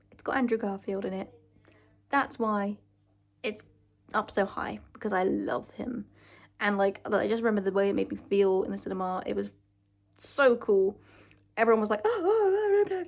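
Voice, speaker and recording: A woman's voice: mid-range voice, creaky. A young woman from Britain chatting casually to camera as a vlogger, gushing and emotional, swearing freely. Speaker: vlogger ranking films.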